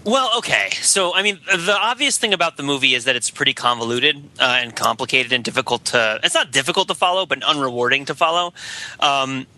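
A man co-hosting a casual podcast, chatty and quick to laugh as he reviews a film. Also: mid-range voice, sharp tone, low-quality recording. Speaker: podcast co-host.

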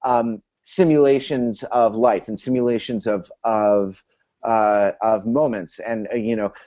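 A man's voice: on the low side, fairly even intonation, unhurried, dark tone, highs cut off. A man hosting a casual analytical discussion over a video call, talking in an academic way with many restarts.

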